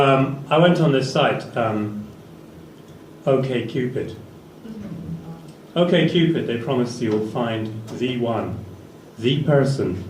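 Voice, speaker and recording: Deadpan man doing stand-up. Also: medium pitch, slight background noise. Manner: dry, rambling delivery with fillers. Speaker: stand-up comedian. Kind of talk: stand-up comedy set. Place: small comedy venue. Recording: echoey venue, picked up from a distance, faint ambience.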